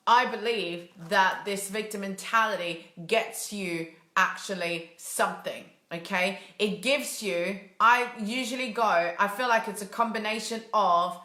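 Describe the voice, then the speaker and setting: Bright emphatic woman coach in an echoey room. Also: medium pitch. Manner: casual, emphatic, acts out whiny quotes. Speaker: mindset coach. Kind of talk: motivational talk to camera.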